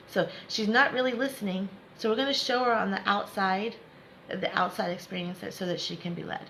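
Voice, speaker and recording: A woman's voice: mid-range voice, steady tone, a little fast, a bit bright, a little hiss or hum, rough recording. A woman giving a live spiritual lesson, repeating herself to encourage viewers and laughing often. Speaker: spiritual teacher.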